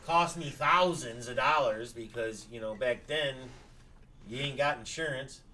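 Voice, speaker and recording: A man's voice: medium pitch, measured pace, bright, forceful tone. A man guesting on a podcast, telling stories casually, swearing freely and laughing through them. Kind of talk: casual storytelling. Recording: off-mic with faint background noise.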